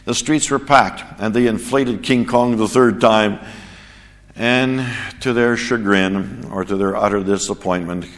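A man teaching a church class, telling a story in an animated sermon style and chuckling at his own jokes. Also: on the low side, measured pace, in a large hall. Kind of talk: sermon with anecdote.

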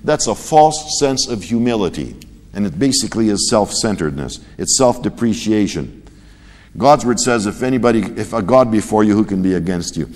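Animated male preacher in a reverberant hall. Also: lowish voice, moderate pace. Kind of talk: sermon.

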